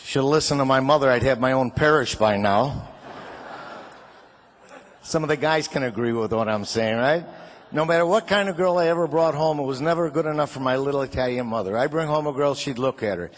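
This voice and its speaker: A man's voice: a little high, lively intonation, a little fast, slight background noise. A man in his sixties from Chicago, doing a folksy stand-up set and chatting with the crowd. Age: 60s. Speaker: comedian and singer.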